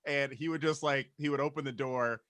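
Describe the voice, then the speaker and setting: A man's voice: mid-range voice, steady tone, a little fast, fairly bright tone, dry recording. A man co-hosting a podcast in casual comedic chat, rambling through stories and swearing freely. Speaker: podcast co-host.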